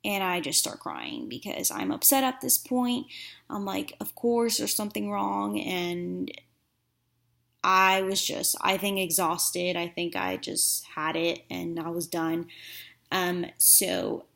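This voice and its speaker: A woman's voice: on the low side, sing-song, slow pace, gravelly, a bit bright. A woman vlogging a frank personal story in a chatty, casual way, with many fillers. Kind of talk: candid personal vlog storytelling.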